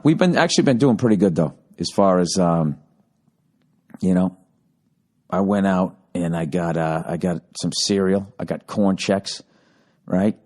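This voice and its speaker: A man's voice: low-pitched, darkish tone. A man hosting a podcast, telling a comedic story in a profane, ranting way. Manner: profane, ranting, heavy swearing. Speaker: podcast host.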